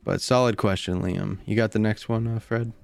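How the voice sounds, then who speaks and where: A man's voice: lowish voice, steady tone, normal speed, vocal fry, no room sound. A man hosting a podcast, chatting casually with a hyped, talkative manner. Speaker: podcast host. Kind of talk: casual chat.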